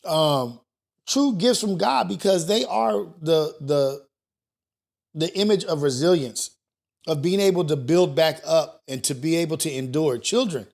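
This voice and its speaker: A man's voice: fairly high pitch, unhurried, gravelly, a little mellow. Profane, loose-talking male show host. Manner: loose, profane, thinks aloud with restarts. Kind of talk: casual talk show commentary.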